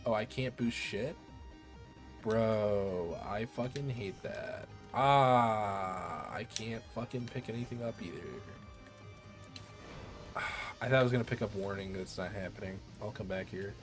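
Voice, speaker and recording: A man's voice: on the low side, moderate pace, soft background music. Rambling, cursing male game streamer. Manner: excitable, rambling, swears freely. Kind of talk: casual chat while gaming.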